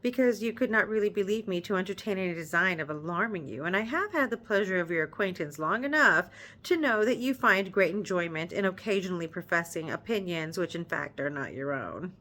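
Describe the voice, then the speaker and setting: A proud, reserved young gentleman of means, speaking formally and with restraint, as a woman reads him aloud. His lines come slightly lower and softer than the narration. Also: animated, fairly quick.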